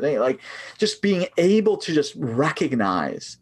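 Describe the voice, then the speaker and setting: Male author guest, husky, animated delivery, acts out prayers mid-chat. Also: on the high side, slow pace. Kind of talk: casual podcast conversation on prayer.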